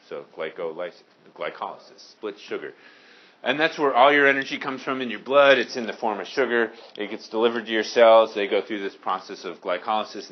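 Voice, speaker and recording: A man from Maine teaching a high school science class, casual and joking with his students. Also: muffled recording. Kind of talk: classroom lecture.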